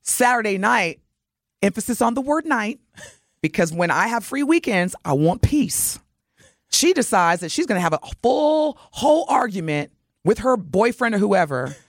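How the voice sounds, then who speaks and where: Brief: middle-aged woman radio host, lively gravelly delivery, dry studio mic. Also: medium pitch, moderate pace, dry recording. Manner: animated storyteller, reads listener texts, laughs often. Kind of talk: casual radio chat.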